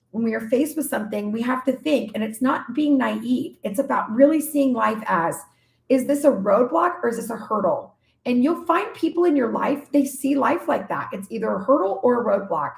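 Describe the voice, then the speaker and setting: A woman with a raised pitch and a strongly gravelly, fry-heavy voice gives a live podcast teaching talk. She is animated and voices her own inner doubts as quick quoted asides. The sound has a roomy echo. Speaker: podcast host and speaker.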